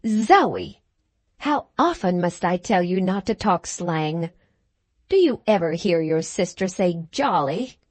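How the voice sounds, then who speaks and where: A woman's voice: lowish voice, big pitch swings, slow pace, a little mellow, dry recording, heavily acted. A woman voicing a prim, strict governess who speaks in a reproving way in a storybook reading.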